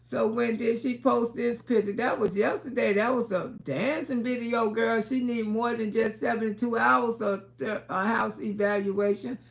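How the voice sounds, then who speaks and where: A high-voiced woman with a gravelly edge talks straight to her livestream audience. She is emphatic, dropping to a hush one moment and shouting the next. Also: fairly even intonation, moderate pace, hardly any pauses. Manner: emphatic, swings between hushed and shouting. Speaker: livestream host. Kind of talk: casual storytelling livestream.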